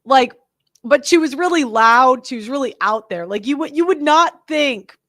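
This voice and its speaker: A young woman talks through a casual, opinionated monologue in a high, light voice. She rambles and restarts her sentences, stacks up fillers, and stays blunt throughout. The sound is close and dry, with no room in it. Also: lively intonation, moderate pace, bright, forceful tone, no echo. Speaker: podcast host.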